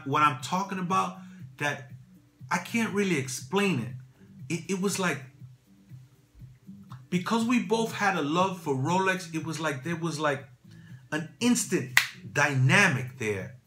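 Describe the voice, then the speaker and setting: Bright-voiced man telling a rambling story. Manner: rambling, repeats phrases, says "boom" and "right?". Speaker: watch vlogger. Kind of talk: casual storytelling.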